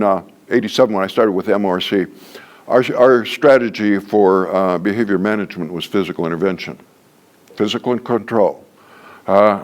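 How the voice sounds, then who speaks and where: An older man leading a training workshop, teaching in a folksy, joking way and repeating his key points for emphasis. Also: fairly low pitch. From Canada. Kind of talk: workshop lecture.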